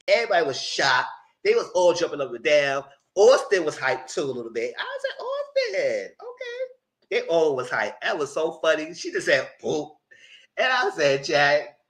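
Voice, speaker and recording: A man recapping a reality dating show live, in loose casual chat. His bright, slightly high voice swings widely in pitch, and he acts out the lines he quotes. When something excites him he jumps up into a high, shrieking register.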